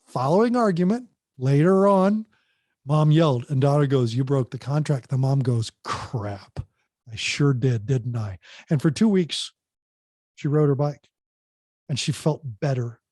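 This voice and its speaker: A man's voice: mid-range voice, warm tone, no room sound, studio quality. A man, a parent coach guest on a podcast, giving emphatic, plain-spoken advice and acting out what parents say.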